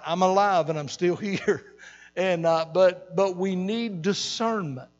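Male pastor, high voice, repeats lines, builds loud, dull echoey church hall sound. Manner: animated preaching, repeats phrases, swells loud for emphasis. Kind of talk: sermon. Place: church sanctuary.

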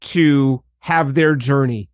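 Calm, measured middle-aged male host. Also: mid-range voice, no echo. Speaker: podcast host. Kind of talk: reflective interview conversation.

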